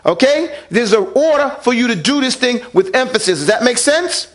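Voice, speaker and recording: A man's voice: very high-pitched, expressive, moderate pace. A man teaching Quran recitation in a classroom, asking questions and having the students repeat after him. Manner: asks the class questions and drills them to repeat. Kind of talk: classroom lesson.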